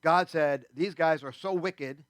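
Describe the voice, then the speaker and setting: Man, pastor, church sermon, rambling conversational delivery, fairly high voice, dry close sound. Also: a little slow, no echo. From New York State. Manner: conversational and rambling, with many fillers and asides.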